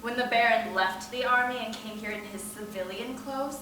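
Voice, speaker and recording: A young actress in her twenties playing a gentle, dutiful elder sister who speaks in a soothing, earnest way, in a live stage play. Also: a little high, moderate pace, natural voice. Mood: tender. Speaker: stage actor. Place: theatre stage. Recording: echoey stage sound from far off, noisy.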